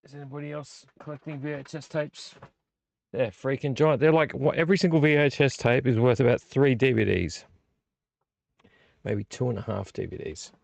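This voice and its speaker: A man's voice: mid-range voice, normal speed, creaky, no room sound. A man hosting a casual late-night live vlog, rambling about his tape collection with many fillers. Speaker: vlog host. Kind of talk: casual live chat unboxing VHS tapes. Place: small home room.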